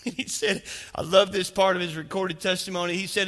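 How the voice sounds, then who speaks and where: A man's voice: sits high, fairly even intonation, normal speed, a bit bright. A male pastor preaching a sermon and dramatically retelling a testimony. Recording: long reverb of a large hall.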